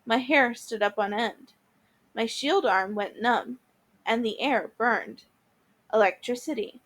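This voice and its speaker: A teacher reading a novel aloud to listeners, with small restarts and repeated words along the way. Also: female voice, on the high side, slow, a bit bright. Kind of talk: read-aloud storytelling.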